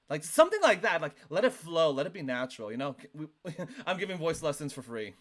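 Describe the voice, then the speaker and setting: A male streamer doing reaction commentary into a desk microphone, talking in an animated, emphatic way with lots of "like". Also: fairly high pitch, fast talker.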